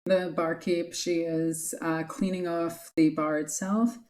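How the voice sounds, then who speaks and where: A woman's voice: fairly low pitch, level tone, slow, darkish tone. A woman running a tabletop game as game master, easygoing and often laughing.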